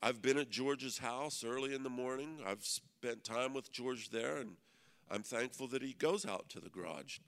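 A man, a pastor, preaching a sermon at a men's meeting. He often asks the room "Amen?" and slows down to read scripture with emphasis. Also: medium pitch, a bit bright. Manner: preaching with frequent "Amen?" call-outs to the audience; reads scripture aloud slowly and with emphasis.

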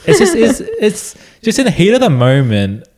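A man's voice: high voice, wildly swooping pitch, normal speed, darkish tone. Young man arguing playfully. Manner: argumentative, self-mocking. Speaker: vlogger. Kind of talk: casual couple chat.

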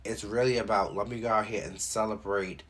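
A man's voice: lowish voice, fairly quick. A young man hosting his own podcast, chatting casually and joking, with plenty of swearing and filler words. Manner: animated and joking, with frequent profanity and filler likes. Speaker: podcast host. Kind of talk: casual solo podcast chat.

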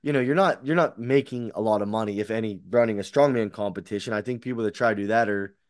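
A man's voice: on the low side, fast talker, no room sound, studio quality. A man co-hosting a casual podcast, rambling with fillers and restarts. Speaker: podcast co-host. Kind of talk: casual chat.

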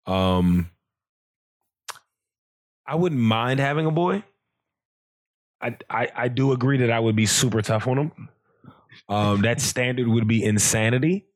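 A man who is a podcast guest, talking in a relaxed, slangy, reflective way with plenty of fillers. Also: mid-range voice, measured pace, long pauses. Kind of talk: casual chat.

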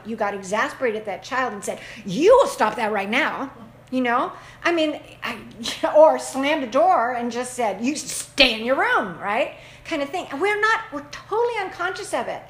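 A woman giving casual, folksy advice to a caller, animated and emphatic, often laughing as she talks. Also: high voice, slight background noise. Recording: echoey room with faint ambience.

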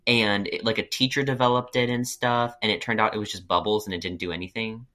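A man co-hosting a podcast in casual chat, sick and achy, rambling through animated stories. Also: on the low side, fast talker. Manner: rambling, animated storytelling with put-on quotes. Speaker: podcast co-host.

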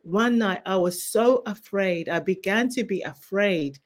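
A woman's voice: medium pitch, measured pace. A woman who is a guest author, sharing a fervent faith testimony in an interview. She speaks like a preacher and repeats key phrases for emphasis.

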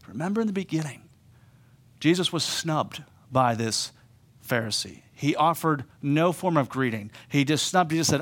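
A middle-aged man preaching a sermon in an animated way, rising loud then dropping soft for emphasis. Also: fairly high pitch, normal speed. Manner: animated preaching, voicing quoted speakers, drops to soft emphasis. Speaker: pastor.

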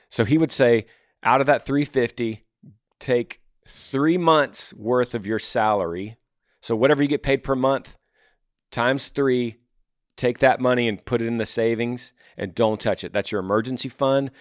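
A man's voice: lowish voice, no room sound, studio quality. A man hosting an advice show, reading listener emails and talking them through earnestly, often acting out what listeners say. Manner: earnest, acts out listeners' worries in voices.

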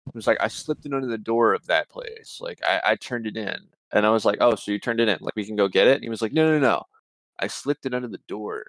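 A young man spins a long rambling tale on a podcast, dropping swear words and restarting his sentences. His voice sits fairly low, and it is recorded on a close mic in a dry, deadened space. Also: quick pace, a bit bright, no room sound. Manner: rambling, swears a lot, many fillers and restarts. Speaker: podcast co-host. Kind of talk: casual storytelling chat.

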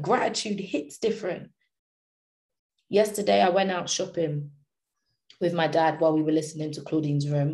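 Passionate slangy woman, slightly low voice. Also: a little mellow. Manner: passionate, slangy, repeats phrases for emphasis. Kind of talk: inspirational talk.

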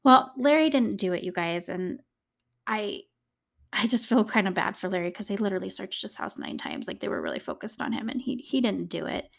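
Young woman true crime podcaster, chatty, says like a lot, mid pitch voice. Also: big pitch swings, fairly quick, creaky. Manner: chatty, uses "like" a lot, emotional asides. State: choked up, tearing. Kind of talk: casual storytelling.

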